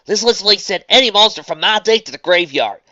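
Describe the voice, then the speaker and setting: A reader voicing a brash young Southern cowgirl card duelist in a put-on Southern drawl, loud and showy. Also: medium pitch, expressive, brisk, no echo, lo-fi sound, voice pushed up. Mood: taunting. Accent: put-on American Southern.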